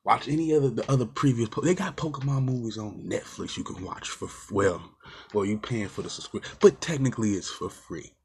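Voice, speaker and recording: A man's voice: mid-range voice, brisk, darkish tone, a little hiss or hum. A man giving a casual, exasperated movie review, rambling with fillers and swearing often. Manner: rambling with many fillers and restarts.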